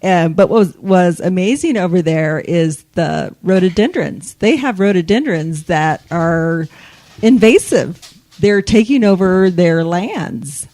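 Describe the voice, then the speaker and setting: A woman's voice: fairly low pitch, lively intonation, slow pace, a little mellow, no room sound. A woman co-hosting a radio garden show in the studio, chatty and amused. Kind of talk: casual radio chat.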